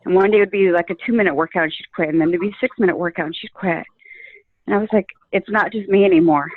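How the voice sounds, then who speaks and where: A woman's voice: fairly low pitch, fast, no echo. A woman telling her own story in a casual interview, earnest and full of fillers. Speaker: guest sharing her coaching story. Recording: tinny, phone-like, dry line.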